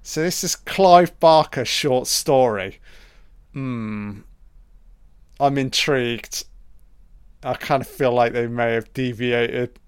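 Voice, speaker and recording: A man's voice: mid-range voice, slow pace, pauses often, clear, resonant tone, no echo, studio quality. A man giving a casual film commentary, crude and sarcastic, swearing often as he reacts to the movie. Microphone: home mic, audio only.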